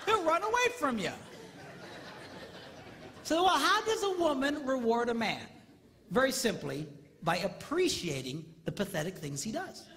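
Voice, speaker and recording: A man's voice: extremely high pitch, very animated, unhurried, pauses often, sharp tone, a faint crowd. A man in his fifties giving a comedic marriage seminar to a live audience, bursting into squealing impressions of women. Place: large hall with audience. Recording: reverberant hall with faint noise.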